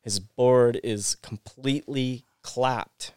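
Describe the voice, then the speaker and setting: A man's voice: medium pitch, steady tone, slow, a little mellow, clean tone, dry recording, clean studio sound. A middle-aged man, a former pro snowboarder, retelling an avalanche rescue as a podcast guest in a rush of restarts and repeated phrases. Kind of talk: casual storytelling interview.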